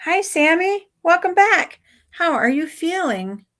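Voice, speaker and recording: A woman voicing an excited young girl on a bike, eager and breathless as she calls out. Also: medium pitch, normal speed. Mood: gentle.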